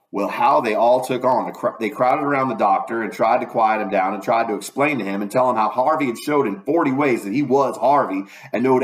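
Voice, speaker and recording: A man narrates a novel aloud in a folksy, conversational manner. His voice sits at an ordinary middle pitch. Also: poor audio. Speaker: audiobook reader.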